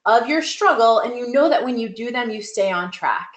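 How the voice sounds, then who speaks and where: A woman coaching on nutrition in a webinar, talking in an emphatic, conversational way. Her voice sits a bit high. It sounds like she is in an echoey room. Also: lively intonation, normal speed. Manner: conversational, emphatic, frequent "like" fillers. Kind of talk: webinar teaching talk.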